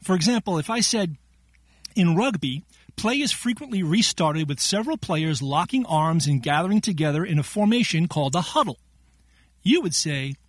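A man's voice: a little high, normal speed, no echo. A man running a playful word quiz, joking and laughing often as he reads the questions. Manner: jokey, laughs often, animated delivery. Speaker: quiz segment contributor.

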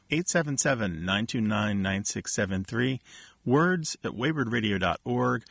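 Bright-voiced radio co-host man. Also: medium pitch, dry recording. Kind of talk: public radio talk.

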